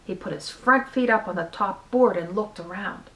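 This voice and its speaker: A teacher reading a chapter book aloud with steady, expressive storytelling. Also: female voice, mid-range voice, normal speed, rough recording.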